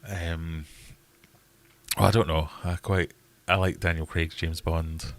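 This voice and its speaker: A Scottish man with a notably low, deep voice hosts a relaxed livestream. He rambles between topics and rants about them in a joking way. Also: slow pace. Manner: rambling, jokey ranting. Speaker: livestream host. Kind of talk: casual livestream chat.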